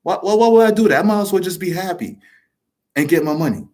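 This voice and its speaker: A show host with a high, slightly mellow voice talks straight to camera at a quick pace in an animated, casual monologue. He rambles passionately, swears often, and keeps restarting sentences and repeating words.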